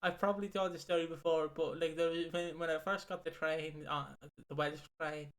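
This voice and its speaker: A young Irish man co-hosting a casual podcast, talking fast, swearing and laughing through his stories. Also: a little high, little pitch movement, fairly bright tone. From Ireland. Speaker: podcast co-host.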